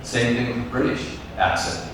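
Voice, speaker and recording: A man leading a teacher workshop, speaking in a relaxed, encouraging way and taking questions from the audience. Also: medium pitch, moderate pace. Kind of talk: conversational lecture with audience questions. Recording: echoey hall from far off, faint noise.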